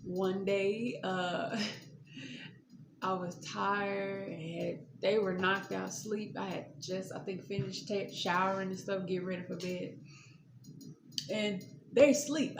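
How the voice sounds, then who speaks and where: A woman guest casually telling her own faith testimony, chatty and quick to laugh. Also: mid-range voice, steady tone. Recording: echoey room, audible noise.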